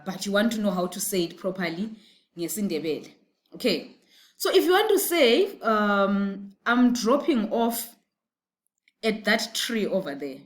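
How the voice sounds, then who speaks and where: A woman teaching language phrases, repeating each one slowly and clearly for the learner. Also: mid-range voice. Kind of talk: language lesson.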